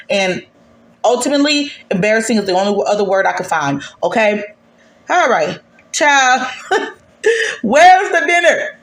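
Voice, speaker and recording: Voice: mid-range voice, a bit bright. Gossipy reality TV recap, sassy, profane, emphatic, echoey room.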